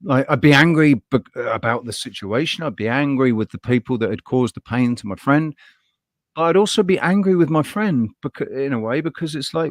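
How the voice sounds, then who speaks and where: A man of middle pitch hosting a live stream in casual chat. He rambles and restarts and grows passionate, so his voice climbs when something stirs him. The sound is dry and close, with no room around it. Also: animated, fairly quick, no room sound. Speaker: live show host.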